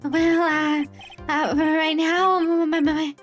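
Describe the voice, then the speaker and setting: A woman's voice: high-pitched, flat delivery, slow pace, soft background music. Woman doing a stammering, jittery male ventriloquist. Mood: nervous. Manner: stuttering, hesitant.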